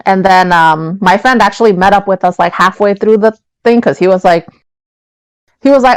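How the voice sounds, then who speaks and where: A woman co-hosting a podcast, telling an animated, profane story in casual chat. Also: medium pitch, moderate pace, smooth, no room sound, poor audio. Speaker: podcast co-host.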